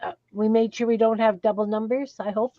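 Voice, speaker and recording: A woman's voice: on the high side, flat delivery, a little fast, a little hiss or hum. Chatty middle-aged woman hosting a stream. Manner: chatty, easygoing, thinks aloud. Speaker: host of an art live stream. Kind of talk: casual chat. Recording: dull, dry online stream audio.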